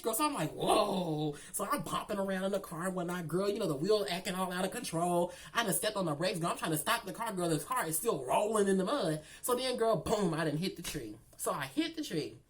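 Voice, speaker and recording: A woman telling a dramatic story in a casual, animated way, often calling the listener "girl.". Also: fairly low pitch. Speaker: storytelling vlogger.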